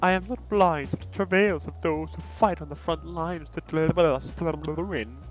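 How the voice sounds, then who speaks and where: A man's voice: a little high, normal speed, faint music behind, natural voice. Man reading as a grandiose merchant. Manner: grandiose, showman-like, stumbling over words. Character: smooth-talking male merchant, self-assured.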